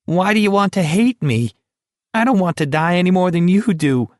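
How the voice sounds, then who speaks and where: A shrill teenage boy, whining, voice cracking, audiobook, dry close sound. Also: expressive, moderate pace, a little mellow, dry recording. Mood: pleading whine. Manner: high-pitched whining, voice cracking into hysteria. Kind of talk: audiobook character voice.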